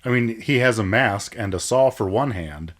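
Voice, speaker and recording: Low-voiced man in relaxed chat. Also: moderate pace. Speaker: podcast co-host. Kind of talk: casual chat.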